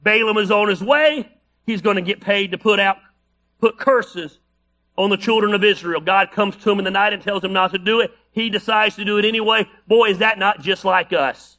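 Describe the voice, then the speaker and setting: A man's voice: sits high, normal speed, bright, forceful tone. A male pastor preaching a sermon, reading scripture aloud with playful, joking asides.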